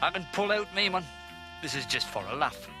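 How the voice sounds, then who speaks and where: A crude, cocky young Geordie lad from a cartoon. His voice is a little high and jumps around in pitch. Loud music sits in the background. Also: animated, fairly quick.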